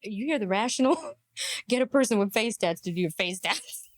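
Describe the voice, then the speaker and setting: A woman's voice: medium pitch, animated, normal speed, no room sound. A woman giving mocking reaction commentary, laughing often and mimicking what she hears.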